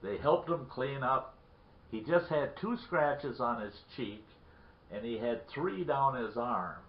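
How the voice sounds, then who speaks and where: A man's voice: mid-range voice, lively intonation, takes it slowly. A man telling a folksy story from his boyhood in a rambling, repeating way. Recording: roomy lo-fi recording.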